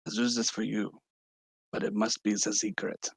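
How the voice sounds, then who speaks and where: A man voicing a friendly, secretive male school cook in a slow, theatrical, sing-song way. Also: fairly low pitch, level tone, vocal fry, breathy edge, no echo, clean studio sound.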